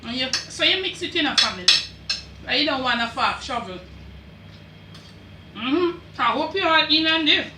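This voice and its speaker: A woman's voice: high-pitched, lively intonation, moderate pace, long pauses, roomy sound, noisy background. An older woman with a Jamaican accent hosting a home cooking demonstration, chatty and full of patois asides as she directs the camera. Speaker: cooking channel host. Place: home kitchen.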